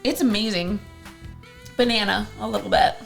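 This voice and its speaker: A woman's voice: medium pitch, fairly even intonation, moderate pace, creaky, soft background music. A woman co-hosting a whiskey channel, chatting playfully through a tasting and giggling often. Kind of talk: casual whiskey tasting chat.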